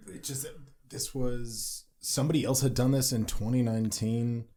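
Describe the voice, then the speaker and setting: A male podcast co-host who answers briefly and quietly and looks things up during casual chat. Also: fairly even intonation, normal speed. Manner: brief, low-key replies.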